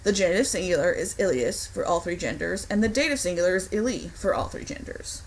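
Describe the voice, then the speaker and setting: A young woman teaching a recorded online Latin lesson, explaining grammar clearly and deliberately, with the odd slip of the tongue. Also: fairly low pitch, animated, a little hiss or hum, rough recording. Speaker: Latin instructor.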